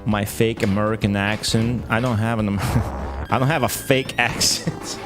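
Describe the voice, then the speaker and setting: Slow-talking man streaming a game. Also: steady tone. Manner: rambling, profane, laughs often, bursts into high exclamations. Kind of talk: live gameplay stream chatter. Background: game music.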